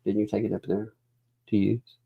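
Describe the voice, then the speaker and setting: Low gravelly man. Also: flat delivery, normal speed, no echo, narrow, tinny audio. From Oklahoma. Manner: rambling, chuckles often, thanks viewers. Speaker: livestream host. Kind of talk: casual live stream chat.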